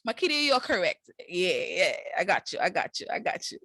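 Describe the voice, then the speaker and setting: A woman's voice: fairly low pitch, sing-song, normal speed, fairly bright tone, dry recording. A woman teaching a live online math class, walking students through each step in a casual, encouraging way with slang asides.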